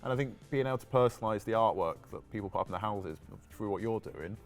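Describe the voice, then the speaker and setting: Low-voiced man, southern-northern mixed accent. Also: animated, fast talker, soft background music. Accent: southern English mixed with Manchester. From West Sussex, England. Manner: easygoing, agreeable, laughs along. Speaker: guest, classic car dealer. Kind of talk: casual chat.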